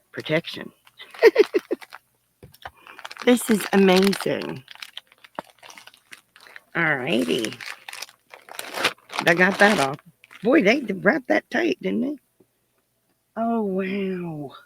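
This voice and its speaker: A woman with a lowish, gravelly voice hosts her crafting channel, chatting casually with viewers as she opens the parcels they sent, gushing and giggling often. She thinks aloud while unwrapping. The audio is poor, with slight background noise.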